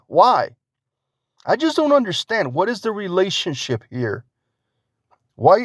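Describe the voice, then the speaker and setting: On his own YouTube channel, a man with a somewhat high voice rants indignantly, reading out screenshots and firing off one rhetorical question after another. The recording is dry and studio quality.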